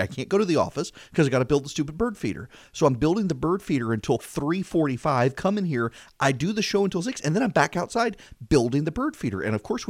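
Animated, self-mocking male talk host. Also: fairly high pitch, no room sound, clean studio sound. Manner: animated, self-mocking, voice rising when exasperated. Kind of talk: casual storytelling monologue.

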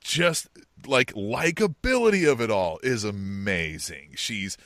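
A man co-hosting a casual wrestling podcast, telling animated, joking stories. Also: fairly low pitch, takes it slowly, background noise. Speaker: podcast co-host.

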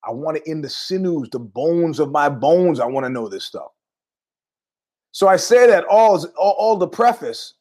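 A man's voice: fairly high pitch, lively intonation, normal speed, mellow. Rambling middle-aged man telling stories. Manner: rambling, jokey storytelling with asides and laughs. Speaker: podcast host. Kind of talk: casual monologue.

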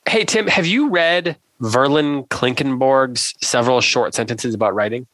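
Male podcast host, casual and rambling, mid pitch, dry close mic. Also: moderate pace, no room sound. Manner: relaxed, chatty, rambling with restarts. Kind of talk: casual book podcast chat.

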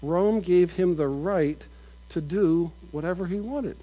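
High-voiced man preaching a sermon. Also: measured pace, dark tone, low-quality recording. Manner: conversational preaching with repetitions and restarts. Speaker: pastor.

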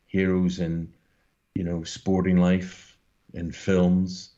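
Deep-voiced emphatic Northern Irish man. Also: completely flat delivery, slow, warm tone. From Northern Ireland. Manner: emphatic, passionate, talks in long rallying runs. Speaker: guest broadcaster. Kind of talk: interview conversation. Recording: dull lo-fi sound.

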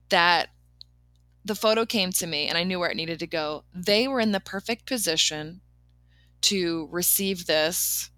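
A woman's voice: mid-range voice, sharp tone, dry recording. A woman hosting a podcast, talking through a personal story in an earnest, emotional way and laughing often. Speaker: podcast host. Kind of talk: reflective personal monologue.

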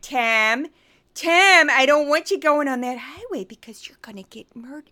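Fretful drawling Missouri mom, voiced by a woman, bright tone. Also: medium pitch. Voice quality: drawling, worried and prayerful.

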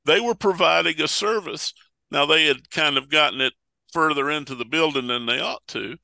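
A pastor talking over preaching texts in casual conversation, a folksy storyteller who acts out the voices of Bible figures. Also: male voice, fairly high pitch, moderate pace, gravelly, sharp tone, no echo.

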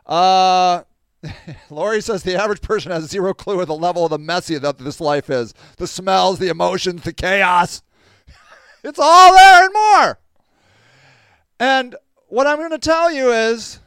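A podcast host with a high, smooth voice tells stories in a casual monologue, recorded with clean studio sound and no echo. He's animated, acts out other people's lines, and laughs often.

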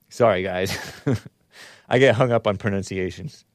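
A man's voice: lowish voice, a little slow, dry recording. Sarcastic rambling male talk show host. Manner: sarcastic, rambling, mocking asides; spells out names and stumbles over pronunciations. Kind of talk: opinionated talk show monologue.

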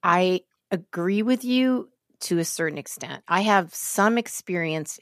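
A woman's voice: lowish voice, expressive, unhurried, few pauses, dry recording, studio quality. A woman co-hosting a podcast in casual chat, talking bluntly, swearing freely and restarting her sentences. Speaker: podcast co-host.

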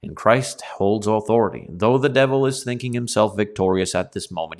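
A man's voice: on the low side, expressive, brisk, hardly any pauses. A man preaching an expository sermon on a Bible passage, earnest and emphatic, often adding "of course" and asking rhetorical questions.

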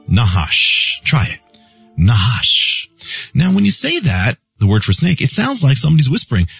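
A man's voice: on the low side, a bit bright. A man preaches over the radio in an emphatic, up-and-down cadence, leaning hard on key words. His voice is dull and lo-fi like an old broadcast, with faint music underneath. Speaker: radio ministry speaker. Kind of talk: scripted radio teaching and appeal.

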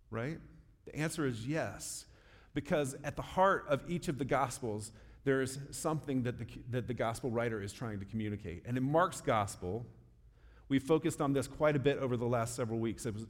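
A pastor in his forties preaches in a church, and his medium-pitched voice carries a long hall reverb. He talks in an easy, conversational way, earnest but dropping in light humor. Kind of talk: sermon with gospel reading. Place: church sanctuary.

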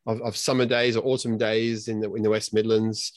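A man's voice: lowish voice, flat delivery, a little fast, dry recording. A man hosting a podcast in casual chat, reading listener entries aloud and often tripping over his words with a self-deprecating manner. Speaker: podcast host.

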